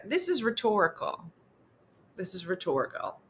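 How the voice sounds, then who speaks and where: A woman comedian and host telling a funny story with animated exasperation. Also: fairly low pitch, a little fast. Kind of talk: comic storytelling.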